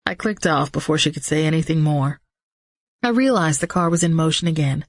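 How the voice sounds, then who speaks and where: A woman reading a first-person audiobook in a steady storytelling manner. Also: fairly quick, dry recording, clean studio sound. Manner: steady storytelling, voices characters with small pitch shifts. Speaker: audiobook narrator.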